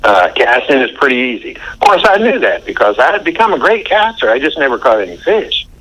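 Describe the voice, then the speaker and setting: An older American man telling stories in a relaxed, folksy way during a casual interview, with plenty of fillers. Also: medium pitch, fairly quick, low-quality recording. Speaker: interview guest.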